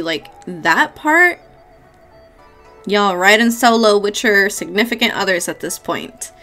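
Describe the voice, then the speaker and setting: A woman's voice: fairly high pitch, measured pace, bright, forceful tone, soft background music. A woman giving a casual pick-a-card tarot reading, chatty and affectionate, with casual swearing. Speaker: tarot reader.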